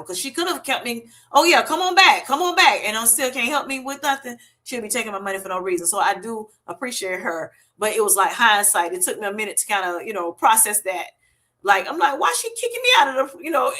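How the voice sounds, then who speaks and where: Woman vlogger, bright clear voice, chatty live-stream talk, retells conversations, greets viewers. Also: medium pitch. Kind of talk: casual live-stream chat.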